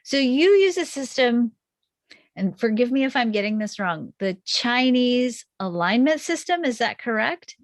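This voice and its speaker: A woman's voice: on the high side, lively intonation, a little slow, no echo. A woman hosting an interview podcast over a video call, asking questions enthusiastically with frequent restarts and affirmations. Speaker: podcast host.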